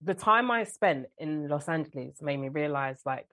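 A young adult woman with a London accent, telling lively stories as a guest in a conversational interview. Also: low-pitched, moderate pace, faint music behind. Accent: London English. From London, England. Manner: animated storyteller, mimics other people. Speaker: guest actress and filmmaker.

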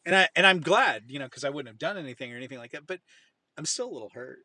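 Bright-voiced man telling rambling stories. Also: fairly high pitch, animated, rapid-fire, no echo. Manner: rambling anecdotal storytelling with many fillers. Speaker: podcast host. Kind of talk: casual chat.

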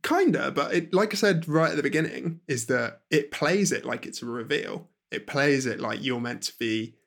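A man's voice: medium pitch, animated, normal speed, vocal fry, a bit bright. A man chatting casually as a podcast co-host, telling a story and acting out characters' lines. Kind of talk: casual chat.

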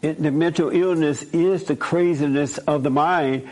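A man's voice: fairly high pitch, steady tone, measured pace, a little mellow. A man giving an informal spoken sermon in a conversational way, repeating his points and often checking in with "right?". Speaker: preacher.

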